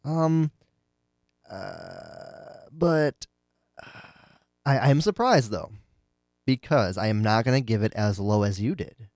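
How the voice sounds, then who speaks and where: A man's voice: fairly low pitch, huge pitch swings, slow pace, gravelly, long pauses, darkish tone, dry recording, clean studio sound. A man co-hosting a podcast, sardonic in casual chat about a movie. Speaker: podcast co-host.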